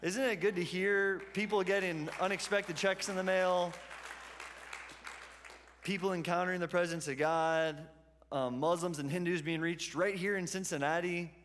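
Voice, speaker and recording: Male pastor, slightly high voice, casual storytelling sermon, church hall reverb. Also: steady tone, normal speed, a bit bright, a faint crowd, a little hiss or hum. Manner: conversational storytelling preaching.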